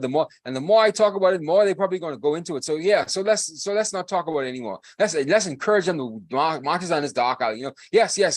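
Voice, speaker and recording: A man's voice: fairly high pitch, no echo. A man co-hosting a podcast, ranting emphatically and repeating himself in casual political talk. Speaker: podcast co-host.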